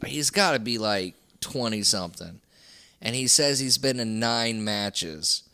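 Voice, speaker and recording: A man co-hosting a podcast, chatting loosely and swearing freely, often breaking into laughs. His pitch swings widely and his tone is bright and cutting. He rambles and restarts as he talks. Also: animated, unhurried, smooth. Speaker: podcast co-host. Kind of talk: casual podcast chat.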